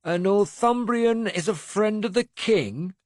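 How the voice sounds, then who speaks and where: A man's voice: on the high side, animated, normal speed, darkish tone, no echo, clean studio sound, pitched above the performer's own voice, close to an everyday voice. A man voicing a guarded elderly farmer who greets travellers with a sword in hand. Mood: wary. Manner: wary, then welcoming.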